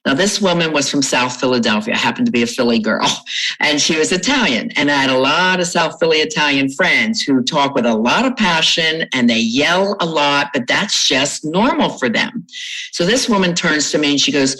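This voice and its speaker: A woman's voice: low voice, expressive, moderate pace, fairly bright tone, poor audio. Woman coach explaining steadily. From Florida. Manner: explanatory, tells client anecdotes, laughs lightly. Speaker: trauma recovery coach. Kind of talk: interview answers.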